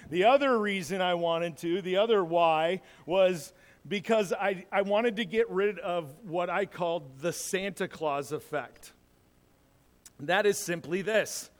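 A man's voice: high-pitched, measured pace. A man preaching a casual sermon as pastor, rambling and self-deprecating, telling personal stories with lots of restarts. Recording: long hall reverb.

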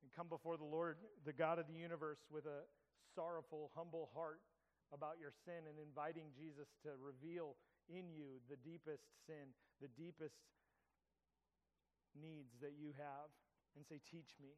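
A man's voice: a little high, level tone, moderate pace. Male pastor preaching in a reverberant hall. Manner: conversational, stumbling restarts, drops to hushed tones in prayer. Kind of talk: sermon with anecdote and prayer.

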